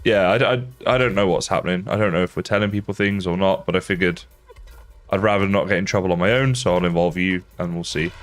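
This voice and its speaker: A man's voice: low voice, fairly even intonation, fast, soft background music. An English man with a slight Australian tinge, chatting casually and rambling to viewers while he plays a game on a livestream. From England.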